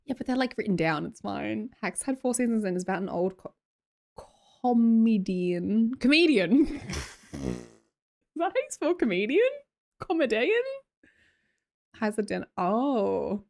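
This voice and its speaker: Aussie girl chatting on stream, reads chat, laughs a lot, pitch jumps up into squeals. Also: lively intonation, normal speed, vocal fry, darkish tone. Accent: Australian. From Australia. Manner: chatty, laughs often, breaks into high squeals. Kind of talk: casual chat reading live chat.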